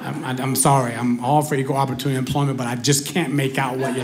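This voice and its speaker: A man performing stand-up comedy, telling an animated story to the crowd on a club stage. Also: medium pitch, quick pace, hardly any pauses.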